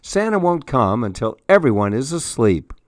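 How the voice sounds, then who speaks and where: Man doing a brisk storybook mom. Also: medium pitch, sing-song, no echo, studio quality, natural voice. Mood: motherly. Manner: brisk, motherly. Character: kindly but firm storybook mother.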